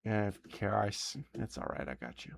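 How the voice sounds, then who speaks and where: A man running a tabletop game as dungeon master, narrating in a relaxed, rambling way and often correcting himself. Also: on the low side, normal speed, creaky.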